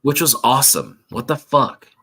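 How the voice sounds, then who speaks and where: A man co-hosting a podcast, talking casually about wrestling with quick asides and the odd curse. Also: medium pitch, slightly rough. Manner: animated, swearing, jumps in with quick asides. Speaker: podcast co-host.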